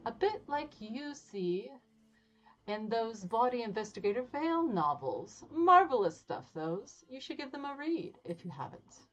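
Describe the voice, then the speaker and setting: A woman's voice: fairly high pitch, sing-song, measured pace. A woman voicing a worldly, flirtatious noblewoman spy, reading game dialogue in a knowing way. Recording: slightly dull audio with game music.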